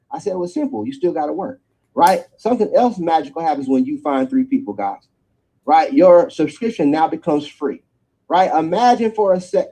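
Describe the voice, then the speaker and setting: Fast-talking high-voiced man pitching. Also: breathy edge, poor audio. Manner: energetic preacherly pitch, tag questions after each point. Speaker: network marketing presenter. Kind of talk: sales pitch presentation.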